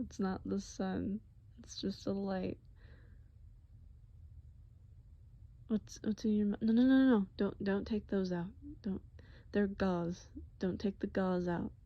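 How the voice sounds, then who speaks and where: A tender young man murmurs pet names in a whispered role-play, as a woman puts him on. He speaks slowly and softly, never raising his voice. The recording sounds dull and lo-fi. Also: medium pitch, lightly acted. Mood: soothing. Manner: soft, gentle, affectionate pet names.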